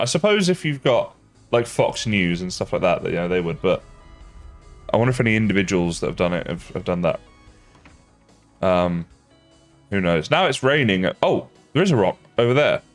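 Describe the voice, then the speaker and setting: Guy streaming a game, lowish voice, rambly and jokey, laughs a lot, quiet music behind. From England. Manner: chatty, self-mocking, laughs often. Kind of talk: casual live-stream chat while gaming.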